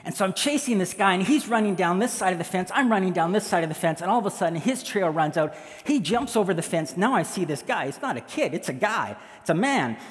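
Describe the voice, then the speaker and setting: A man's voice: high voice, lively intonation, quick pace, few pauses, long reverb tail. A man, a pastor, telling a story in a sermon and acting out the voices of the people in it.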